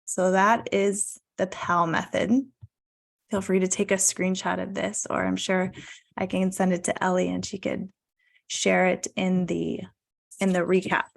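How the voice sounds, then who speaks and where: A woman in her thirties leading a guided mindfulness talk on a video call, gentle and encouraging, stretching out key words. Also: on the low side, level tone, unhurried, creaky. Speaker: wellness coach.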